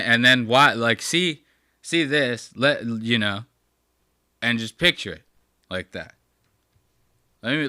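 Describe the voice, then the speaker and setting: A man hosting a casual live stream, mocking a clip with crude, animated commentary. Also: medium pitch, no room sound, clean studio sound. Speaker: host.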